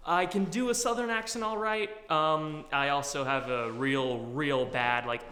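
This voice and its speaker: A man's voice: fairly high pitch, unhurried, pushed and bright. A young man from Washington, D.C., answering questions at an acting audition in a self-deprecating, joking way, with plenty of filler words. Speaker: auditioning actor. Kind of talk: audition interview. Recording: echoey hall.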